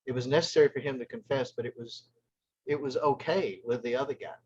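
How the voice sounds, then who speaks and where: A man leading a group discussion, telling a long story in a halting way, with many restarts. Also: medium pitch, fairly even intonation, a little mellow, breathy edge, dull audio.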